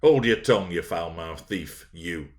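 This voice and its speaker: A man's voice: sits low, expressive, measured pace. A man voicing a surly, accusing manservant. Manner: rough, accusing. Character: gruff surly manservant with a lantern.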